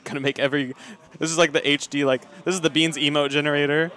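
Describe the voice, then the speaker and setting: Young man, casual storyteller, bright tone, slightly high voice, laughs often. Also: flat delivery, fast talker. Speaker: podcast guest. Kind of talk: casual chat.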